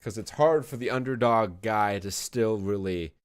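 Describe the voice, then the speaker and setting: A man's voice: lowish voice, normal speed, clean tone, dry recording, studio quality. A man co-hosting a podcast, talking casually and emphatically, swearing now and then. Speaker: podcast co-host. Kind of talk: casual wrestling review chat.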